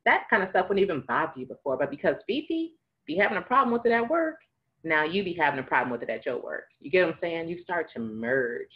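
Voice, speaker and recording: A woman with a low voice talks through spiritual advice in a loose, conversational way. She laughs easily and acts out small dialogues to make her points. The recording sounds somewhat dull and lo-fi. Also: big pitch swings, fast talker. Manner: chatty, laughs often, acts out little dialogues. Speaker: spiritual advisor. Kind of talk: casual spiritual advice monologue.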